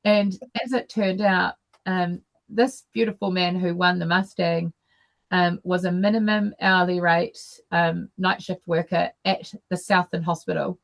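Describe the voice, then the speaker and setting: A middle-aged woman tells a personal story to an online meeting over a video call, unhurried and full of fillers and restarts. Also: fairly low pitch, flat delivery, creaky. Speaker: guest speaker.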